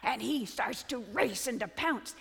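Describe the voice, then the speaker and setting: Expressive woman preacher in a hall. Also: on the high side, a little slow, creaky. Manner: expressive storytelling, dramatic volume swings. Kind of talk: sermon.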